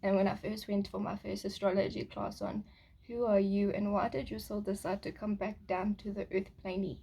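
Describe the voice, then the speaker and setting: A woman's voice: mid-range voice, level tone, moderate pace, vocal fry, warm tone, husky. A woman rambling through a casual spiritual vlog monologue, giggling often and swearing casually. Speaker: spiritual vlogger.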